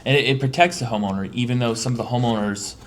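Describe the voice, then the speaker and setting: A man's voice: mid-range voice, fast talker, slight background noise. A man hosting a casual podcast talk, speaking emphatically with lots of restarts. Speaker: podcast host, mold remediator.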